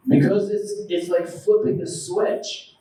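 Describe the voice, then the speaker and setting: A preacher from the United States, his voice sitting high with a darkish tone, lively intonation, and measured pace, gives a devotional talk in a temple hall. He mixes stories, acted-out quotes, and questions to the crowd. The distant mic picks up strong hall echo.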